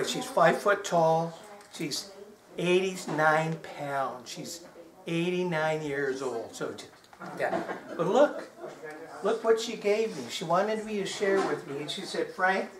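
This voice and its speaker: A man from Texas doing chatty, joking stage patter as a magician, often asking his audience questions. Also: fairly high pitch. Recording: roomy live hall sound.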